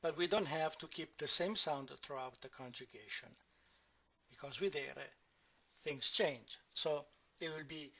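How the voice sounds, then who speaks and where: A man teaching a grammar lesson, explaining slowly and deliberately and drawing out example words. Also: fairly high pitch, bright, forceful tone, husky, dry recording. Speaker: language teacher. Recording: dull, dry lo-fi sound.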